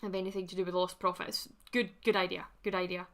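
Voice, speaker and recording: A woman's voice: lowish voice, little pitch movement, fast talker. A young woman hosting a livestream, chatting casually with viewers in a blunt, laugh-filled way and swearing freely. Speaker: livestream host reading chat. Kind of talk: casual chat.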